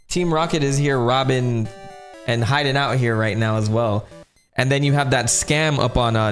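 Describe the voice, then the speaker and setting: A man chats his way through a game stream, joking in quick asides at a middling pitch. Soft music runs behind his voice. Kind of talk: casual gameplay commentary.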